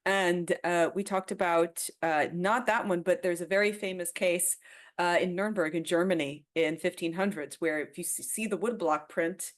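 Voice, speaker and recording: A woman author guesting on a podcast, chatting casually with a lively, teasing, storytelling manner. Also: on the low side, moderate pace. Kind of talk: casual chat.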